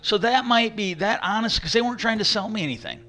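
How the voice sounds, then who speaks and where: A man's voice: high-pitched, animated, fast talker, bright, forceful tone. A man from Wisconsin, ranting and rambling with profanity on a casual live stream.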